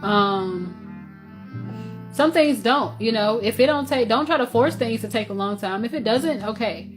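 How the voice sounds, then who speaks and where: A woman's voice: on the high side, expressive, measured pace. A woman with a Southern US accent giving a loose, conversational tarot reading, full of fillers and restarts. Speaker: tarot reader. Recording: music playing under voice.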